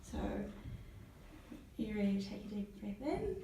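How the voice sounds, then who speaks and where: Taking on the part of a voice therapist, a woman leads a client through breathing and voice work one step at a time, praising each try warmly. She speaks at a measured pace in a medium, sing-song voice; the mic is distant, the room echoes, and there is background noise.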